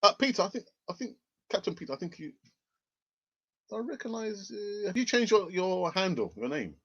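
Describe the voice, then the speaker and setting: A man's voice: high voice, very animated, normal speed, breathy edge. A man hosting a live football news stream, chatty and rambling with sarcastic asides. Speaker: football channel host. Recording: dull lo-fi stream audio.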